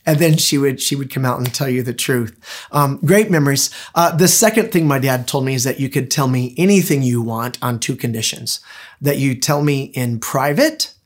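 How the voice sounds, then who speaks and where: A man's voice: mid-range voice, moderate pace. Middle-aged male pastor, conversational storytelling sermon delivery. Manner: conversational, anecdotal, with restarts.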